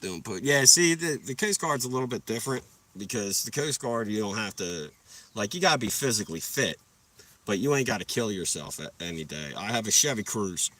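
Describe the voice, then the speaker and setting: A man's voice: on the low side, lively intonation, a little fast, fairly bright tone. A young man chatting casually on a livestream, rambling through profane, hyped stories and asking viewers to like and subscribe. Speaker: livestream host. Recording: voice a bit far from the mic.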